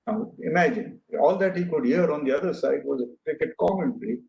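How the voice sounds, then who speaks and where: Older man, earnest storyteller at a podium, mellow voice, muffled echoey hall recording. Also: high-pitched, animated, fairly quick, vocal fry, few pauses. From India. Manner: anecdotal, earnest, with frequent fillers and restarts. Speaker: speaker giving a talk. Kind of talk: speech to an audience. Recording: echoey hall, dull lo-fi sound.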